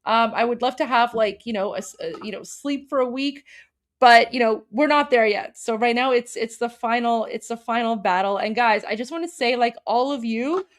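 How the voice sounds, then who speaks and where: Young woman streamer, somewhat high voice, rambling, emotional, lots of ums. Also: moderate pace. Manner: rambling, emotional, many fillers and restarts. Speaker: political livestream host. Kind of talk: casual livestream chat to viewers.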